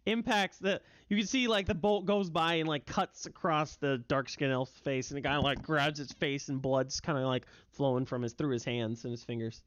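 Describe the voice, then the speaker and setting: A man's voice: on the high side, normal speed, few pauses, no echo. Young man narrating as game master. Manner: vivid, filler-heavy narration with bursts of excitement. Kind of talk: narrating a tabletop game online. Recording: dull, dry lo-fi mic.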